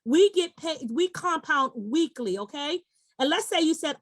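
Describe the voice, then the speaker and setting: A middle-aged woman with a high, upbeat voice pitches an investment to a webinar audience, coaxing them directly. She speaks over a video call with a dry, close sound and no room echo. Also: animated, a little slow. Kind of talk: persuasive sales pitch.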